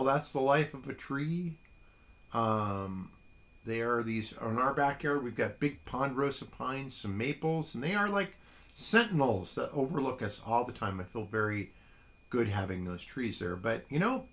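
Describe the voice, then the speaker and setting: A middle-aged man hosts a casual solo podcast from a small home studio. His gravelly voice moves up and down with a lively pitch. He rambles and pokes fun at himself, with plenty of fillers. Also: moderate pace. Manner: rambling, self-deprecating, lots of fillers. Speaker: podcast host.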